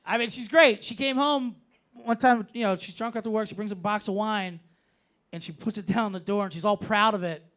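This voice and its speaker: A man doing a stand-up comedy set on a club stage, telling stories in an animated way and breaking into shouted bits. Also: sits high, normal speed, pauses often. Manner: animated storytelling, bursts into shouted impressions.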